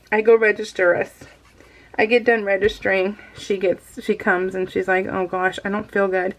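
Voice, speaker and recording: A woman's voice: mid-range voice, little pitch movement, normal speed, poor audio. A middle-aged woman telling a story in a casual, chatty voice-over, laughing often and coughing now and then after tonsil surgery. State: coughing, recovering from tonsil removal. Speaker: scrapbooking vlogger.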